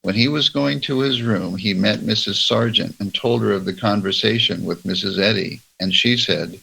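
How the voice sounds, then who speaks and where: A man leading a church roundtable, reading religious passages aloud in a slow, measured way. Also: lowish voice, vocal fry, pushed and bright, husky, poor audio. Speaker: church discussion leader. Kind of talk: reading and discussing religious texts.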